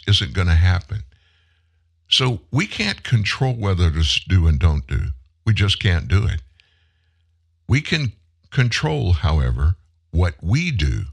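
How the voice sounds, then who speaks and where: A man in his seventies with a very low voice that swings widely in pitch. He hosts a show and talks in an earnest, heartfelt way, telling a personal story and pausing for emphasis. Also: husky. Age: 70s. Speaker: show host. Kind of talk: personal monologue on a live commentary show.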